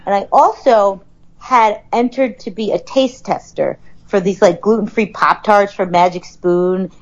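A woman's voice: mid-range voice, lo-fi sound. A woman co-hosting a podcast, telling a story in casual chat with an exasperated, profane manner. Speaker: podcast co-host.

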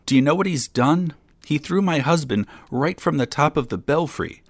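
A man voicing a frantic, shrill village woman who accuses loudly in a raised voice. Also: sing-song, moderate pace, creaky, husky, dry recording, exaggerated voice. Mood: outraged.

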